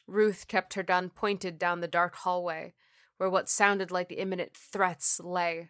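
Woman narrating a creepy story, slow and careful, kinda low, very dry close mic. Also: little pitch movement, fairly bright tone, smooth, no echo. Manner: measured, deliberate reading. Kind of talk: scripted horror story narration.

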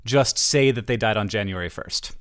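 Man from Florida, halting and animated. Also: fairly low pitch, clear, resonant tone. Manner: halting, with many restarts, animated. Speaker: podcast co-host. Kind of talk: casual chat.

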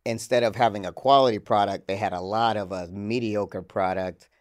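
A man's voice: fairly low pitch, steady tone, moderate pace, darkish tone. A man co-hosting a podcast in a laid-back, rambling casual chat, laughing often. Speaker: podcast co-host.

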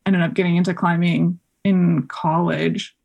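Young woman, podcast guest, gravelly and husky, chatty storyteller heavy on fillers. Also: on the low side, flat delivery, a little slow, a little mellow, muffled recording. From Colorado. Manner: chatty, many fillers, acts out quoted voices. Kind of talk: casual interview chat.

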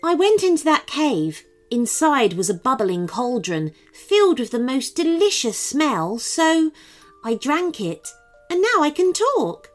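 A gentle talking horse explains kindly and patiently in a soft voice, as a woman reads her part. Her voice sits high and moves in a lively way, at an unhurried pace. Quiet music plays underneath. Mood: explaining. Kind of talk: storybook character voice.

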